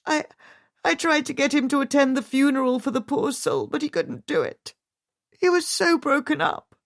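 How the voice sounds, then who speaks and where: A woman's voice: mid-range voice, measured pace, gravelly, no room sound, clean studio sound, voice pushed up. A woman voicing a distraught middle-aged widow, her voice pleading, teary and strained as it rises.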